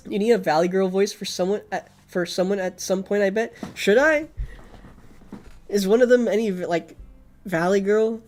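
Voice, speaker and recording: A man's voice: high-pitched, moderate pace, darkish tone. A man streaming a game, reading it aloud and chatting casually, sleepy and yawning, swearing often. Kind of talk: game stream chat and narration.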